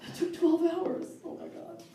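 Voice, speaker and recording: A woman's voice: very high voice, huge pitch swings, moderate pace, dark tone, a little hiss or hum. Chatty woman comic in an echoey hall. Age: 40s. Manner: chatty, self-mocking, laughs often. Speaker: stand-up comedian. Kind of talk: stand-up comedy set. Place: live comedy stage. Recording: roomy live hall from far off.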